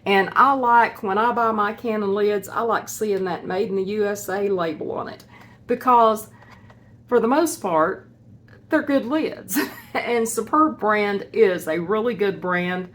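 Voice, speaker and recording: A woman's voice: medium pitch, slow. A woman, chatting casually in a homestead vlog as she shows her grocery haul, rambling and correcting herself about prices. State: hiccups. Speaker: homesteading vlogger.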